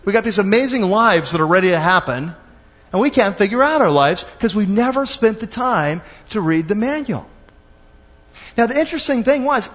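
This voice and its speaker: A man preaching a sermon in a lively, conversational way, acting out little asides for the congregation. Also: extremely high pitch, in a large hall. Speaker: pastor.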